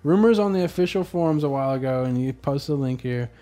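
A man hosting a casual gaming podcast, reading listener emails aloud in a relaxed way. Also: medium pitch, fast. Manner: relaxed, reads letters aloud with fillers.

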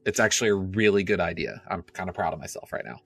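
A man's voice: low voice, quick pace, vocal fry, soft background music. A man co-hosting a podcast in casual chat, wry and laid-back, amused at his own jokes. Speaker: podcast co-host.

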